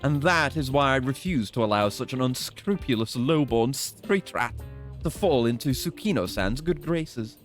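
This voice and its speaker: A man voicing a haughty young gentleman rival, grandiose and condescending. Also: mid-range voice, animated, moderate pace, soft background music, close to an everyday voice.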